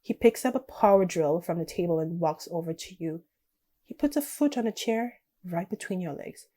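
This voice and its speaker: A woman's voice: lowish voice, animated, moderate pace, warm tone. A young woman reading a text-based game aloud and chatting through her choices as a YouTuber.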